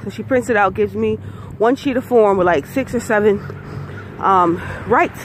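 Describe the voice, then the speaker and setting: A woman's voice: medium pitch, normal speed, a little hiss or hum. A woman in her forties from the United States, telling her custody story straight to camera in an emphatic, profane, aggrieved way. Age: 40s. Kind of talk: direct-to-camera personal testimony.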